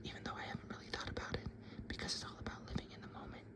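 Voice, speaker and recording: A man's voice: very fast, lightly acted. A man whispering as a mock-solemn ASMR coffee guru, in whispered role-play. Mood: mock-serene.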